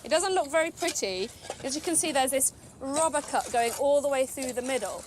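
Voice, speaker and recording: A woman archaeologist explaining finds at an outdoor dig site, brisk and pointing things out. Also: high-pitched, lively intonation, a little hiss or hum.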